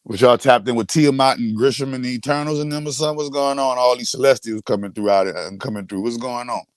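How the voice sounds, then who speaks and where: A man's voice: medium pitch, fast, no echo, studio quality. Boastful man ranting on a livestream. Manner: boastful, repetitive, restarts often. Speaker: host. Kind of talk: livestream rant.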